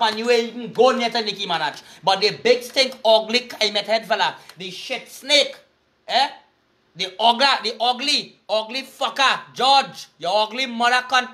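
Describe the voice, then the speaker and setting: A man's voice: very high voice, sharp tone. A man with a Trinidadian accent ranting angrily in a profane, repetitive video monologue, with faint music behind him.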